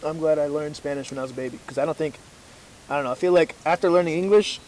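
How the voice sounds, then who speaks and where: A man's voice: a little high, fast, darkish tone, slight background noise, rough recording. A young man co-hosting a podcast, chatting in an easygoing, jokey way with lots of "like". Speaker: podcast co-host. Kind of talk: casual chat among friends.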